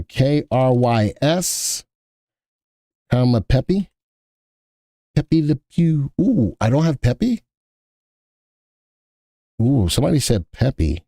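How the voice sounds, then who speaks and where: A man's voice: medium pitch, mellow, no echo, studio quality. Chatty man hosting a live market stream. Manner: chatty, thinks aloud, repeats himself. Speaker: live stock market show host. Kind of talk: casual live-stream commentary.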